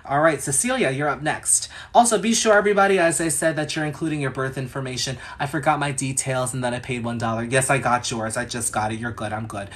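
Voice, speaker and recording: A man's voice: medium pitch, fast, hardly any pauses, a bit bright. Sassy chatty male astrologer. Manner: chatty and sassy, rambling asides. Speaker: astrologer giving live chart readings. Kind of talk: casual livestream chat.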